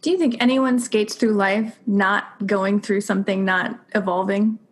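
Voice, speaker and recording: A woman in her thirties hosting an interview podcast, responding warmly and affirming her guest. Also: mid-range voice, fairly even intonation. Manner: warm, affirming, quick responses. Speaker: podcast host.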